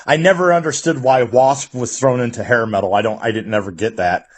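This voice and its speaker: A man's voice: medium pitch, fairly quick, a little hiss or hum. A man hosting a radio interview, chatting casually and telling loose, profane stories full of restarts. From United States. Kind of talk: casual chat.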